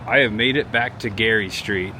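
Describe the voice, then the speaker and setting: A man narrates his travel vlog in a relaxed, chatty way, turning reflective and emotional at times. His voice sits low. Traffic and city noise hum clearly behind him outdoors. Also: normal speed. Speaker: travel vlogger.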